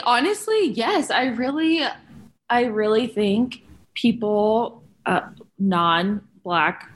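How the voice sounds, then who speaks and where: A young woman who is a guest on a podcast, talking casually and reflectively, with many fillers. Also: medium pitch. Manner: reflective, lots of fillers, acts out quoted reactions. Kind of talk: casual conversation.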